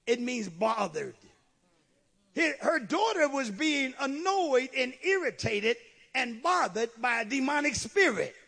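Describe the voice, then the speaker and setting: A man preaches a sermon in a very high, gravelly voice with a husky edge. He drops to quiet asides, then rises to shouted scripture, calling out to the congregation. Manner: calls out to the congregation.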